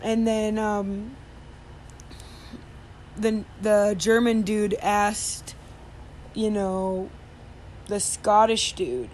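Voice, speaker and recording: A woman's voice: medium pitch, steady tone, very slow, long pauses, darkish tone. A woman in the middle of her own range tells a story on her podcast, rambling along with plenty of fillers and restarts. The talk is loose and conversational. A faint background noise sits under her voice. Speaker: podcast host. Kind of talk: casual storytelling monologue.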